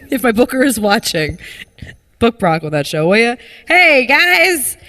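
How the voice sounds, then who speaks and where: A woman's voice: high-pitched, big-room sound. A woman doing stand-up on a live stage, joking darkly about death and riffing with the crowd. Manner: dark, morbid humor with playful crowd work. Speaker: stand-up comedian. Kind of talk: stand-up set. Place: live comedy stage before an audience.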